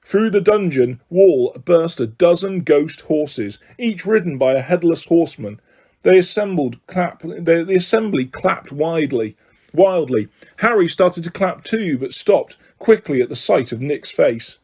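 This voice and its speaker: A man's voice: a little high, animated, unhurried, a little mellow, husky. A man reading a storybook aloud as amateur narration, slipping and correcting himself now and then. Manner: slips and self-corrects, laughs. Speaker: audiobook reader.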